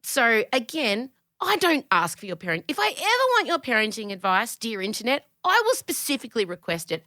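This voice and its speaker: An Australian woman hosting a podcast, chatting in an animated, opinionated way, swearing freely and jumping between tangents. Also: on the high side, a little fast, no room sound, clean studio sound. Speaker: podcast host; comedian. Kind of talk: casual podcast chat.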